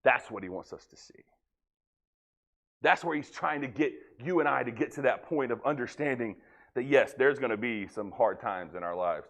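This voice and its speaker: A pastor preaching a folksy sermon, joking with the congregation and acting out little dialogues. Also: male voice, fairly low pitch.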